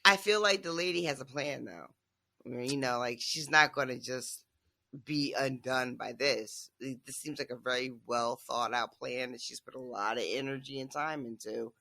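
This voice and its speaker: An animated co-host chatting casually about a book, laughing often and leaning on filler words. The voice is bright and forward at a middling pitch. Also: normal speed, gravelly. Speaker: podcast co-host. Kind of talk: casual book discussion chat.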